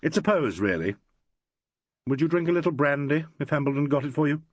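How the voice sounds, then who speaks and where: A man reading an audiobook voices a calm detective in a slightly lower, steady, matter-of-fact way with dry humour. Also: fairly quick, no echo, muffled recording, close to an everyday voice. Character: calm, dryly humorous male detective.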